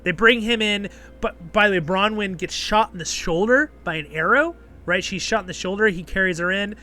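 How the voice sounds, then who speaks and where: A man's voice: sits high, normal speed, pushed and bright. A man hosting a casual spoken review, chatty and rambling, full of fillers and frequent "right?" checks. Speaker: host and show reviewer.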